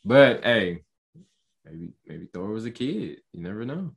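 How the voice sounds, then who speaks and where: A man's voice: lowish voice, very animated, measured pace, creaky, husky. A man reacting in casual chat, slangy and laughing often. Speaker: podcast co-host.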